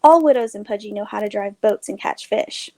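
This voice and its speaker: A woman's voice: brisk, close to an everyday voice. A woman reading a story aloud, voicing a confident teenage girl who teases and explains local fishing ways. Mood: breezy. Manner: breezy, confident, higher and louder than the narration. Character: upbeat teenage girl, teasing local fisher's daughter.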